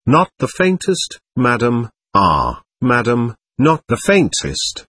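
A man voicing a desperate, nervous young man who pleads frantically and overly politely, with a husky voice. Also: mid-range voice, big pitch swings, normal speed, fairly bright tone, no echo. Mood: pleading.

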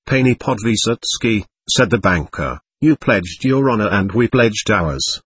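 A man's voice: on the low side, a bit bright, husky, dry recording, exaggerated voice. A man reading a haughty male gambler who speaks formally and with stiff politeness, in a storybook reading. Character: haughty Polish gambler, male, dealing cards.

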